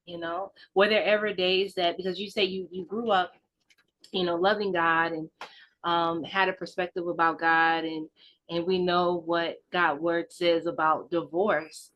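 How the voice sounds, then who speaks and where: A woman hosting an interview, affirming her guest and asking gentle questions. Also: on the low side, flat delivery, unhurried. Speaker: podcast host. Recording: dull lo-fi audio.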